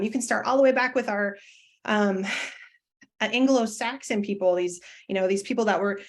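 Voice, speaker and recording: A woman teacher talks through a live online presentation at a middle pitch. Her delivery is loose and chatty, full of ums and restarts, and she jokes at her own expense. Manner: chatty, self-deprecating, many fillers and restarts.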